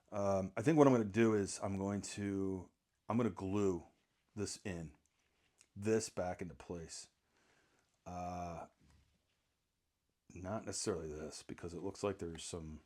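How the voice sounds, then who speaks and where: A middle-aged man rambling casually through a photography gear vlog, joking at his own expense and often clearing his throat. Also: deep voice, a little mellow. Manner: rambling, self-mocking, frequent throat clearing. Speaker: sports photographer.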